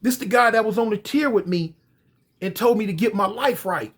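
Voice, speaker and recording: A man's voice: high-pitched, moderate pace, pitched above the performer's own voice. A man voicing a young man just out of prison, talking in a pleading, emotional way. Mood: startled.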